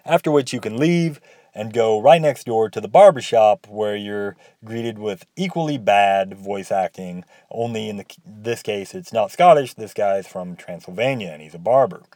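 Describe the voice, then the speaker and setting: A man's voice: on the low side, expressive, moderate pace, darkish tone, no room sound. A man giving casual, rambling commentary on a video game, with wry, sarcastic asides. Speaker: game reviewer.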